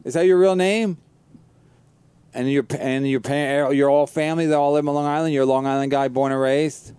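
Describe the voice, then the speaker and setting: Smooth-voiced man hosting crude banter. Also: mid-range voice, fairly even intonation, darkish tone, no room sound. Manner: blunt, swearing, quick jokey jabs. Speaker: podcast host and comedian.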